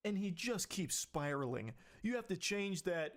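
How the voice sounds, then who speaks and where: Male commentator, notably high voice, sarcastic and incredulous delivery. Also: sing-song, measured pace. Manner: dry, incredulous, mocking. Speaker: online commentator.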